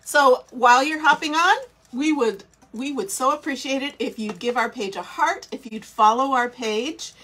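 A woman hosts a relaxed live craft session from her small studio, speaking slowly in a slightly high voice. A scratchy throat and stuffy nose color her words, and she chats warmly with viewers while thinking aloud. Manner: chatty, welcoming, thinks aloud. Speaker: craft livestream host. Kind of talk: casual live craft demo chat.

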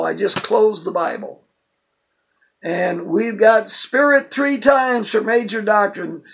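An older man teaches from the Bible in an emphatic, informal way. His voice sits high and carries a gravelly fry. He reads scripture and breaks off into quick side remarks at an unhurried pace. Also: a little mellow, poor audio.

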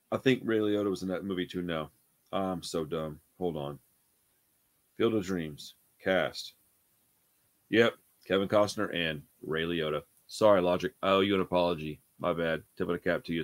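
A man hosting a music reaction channel, talking casually in a profane, excitable, slangy way. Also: low voice, moderate pace, no echo, studio quality.

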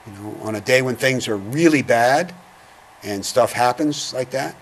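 An older man, a veteran giving an oral history interview, speaking in a reflective, halting way, heavy with feeling. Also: medium pitch, slight background noise.

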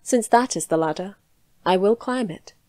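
Lady reading a young storybook prince, slow calling voice, dry close sound. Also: medium pitch, animated, warm tone, dry recording, lightly acted. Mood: resolute. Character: young lovesick king's son.

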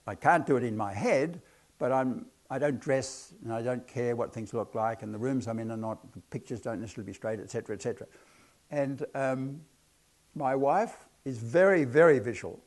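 A man's voice: medium pitch, normal speed, a little mellow. A man giving a hypnotherapy talk to an audience, telling chatty, self-deprecating stories about his cases. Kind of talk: anecdotal lecture to an audience.

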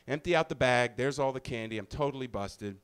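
Animated male comedian telling a story. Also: mid-range voice, brisk, smooth. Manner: animated, profane, swings from loud bursts to hushed confession. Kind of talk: live stand-up storytelling. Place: live comedy venue.

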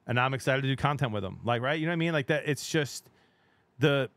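Streaming games, a middle-aged man chats with viewers in a medium-pitched voice at a quick pace, with no echo. His casual talk is excitable and full of laughter, and he tends to trail off mid-sentence.

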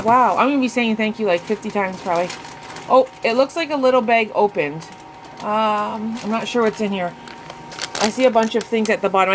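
A woman chatting casually as she opens crafting mail, gushing and excitable, full of fillers. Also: mid-range voice, noisy background. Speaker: craft vlogger; mother. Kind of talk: casual unboxing chat.

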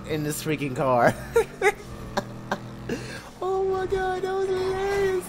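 A young man giving excitable, jokey commentary on a driving game, laughing and shouting often. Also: a little high, unhurried, a little hiss or hum. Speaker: gameplay commentator. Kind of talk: live let's-play commentary. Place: home room.

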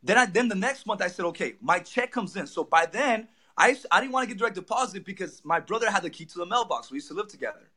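Young male guest, high bright voice, rapid lively storyteller who acts out dialogue. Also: breathy edge. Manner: excited, acts out quoted lines. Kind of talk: animated storytelling.

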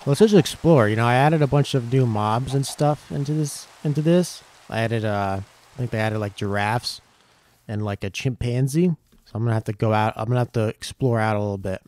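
A man giving casual gameplay commentary, excitable and swearing a lot, yelping when startled. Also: medium pitch, brisk, no echo. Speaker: gaming YouTuber.

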